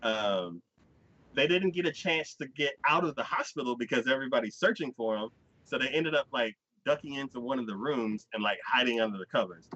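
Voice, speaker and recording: A man hosting a casual podcast chat, recapping a story with lively energy and acting out the characters' lines. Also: mid-range voice, brisk. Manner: animated storyteller who acts out characters' lines in quoted voices. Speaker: podcast host. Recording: dull, dry lo-fi recording.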